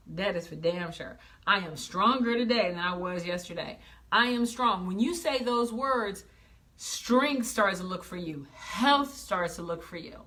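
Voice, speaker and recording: A woman's voice: on the high side, sharp tone. A woman giving a motivational talk in a sassy, plain-spoken way, acting out what people say and using slang. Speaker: motivational speaker.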